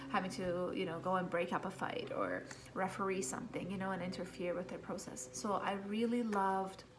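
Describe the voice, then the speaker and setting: A woman and mother talking casually and thoughtfully to camera in a vlog, rambling gently with many "you know"s and "um"s. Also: mid-range voice, a little hiss or hum. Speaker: vlogger, mother of young kids. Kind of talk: casual reflective talk to camera.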